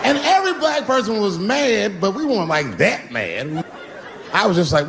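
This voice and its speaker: A middle-aged man performing a loose, swaggering stand-up set, jumping to sudden high exclamations. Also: sing-song, moderate pace, creaky. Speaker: stand-up comedian. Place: large theater with audience. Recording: live crowd laughter, stage noise.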